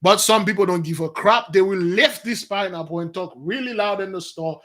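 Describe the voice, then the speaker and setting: Man, spiritual teacher, preaching monologue, high bright voice, loud bursts and low mutters. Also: normal speed, few pauses. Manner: animated, swings between loud outbursts and low mutters.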